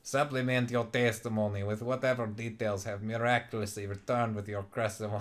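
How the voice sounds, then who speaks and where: A man voicing a cold, contemptuous male prosecutor in a low, breathy, smooth voice. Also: level tone, normal speed, natural voice. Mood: haughty.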